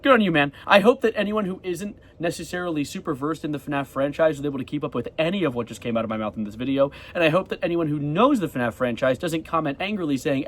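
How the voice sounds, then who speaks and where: A young man with a slightly high voice, talking quickly in a casual, rambling video diary. He swears offhandedly and jumps from thought to thought. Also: expressive. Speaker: vlogger.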